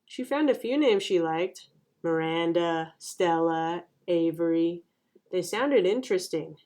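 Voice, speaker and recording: A woman reading a children's picture book aloud in a clear, even narration. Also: on the low side, unhurried. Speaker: storyteller.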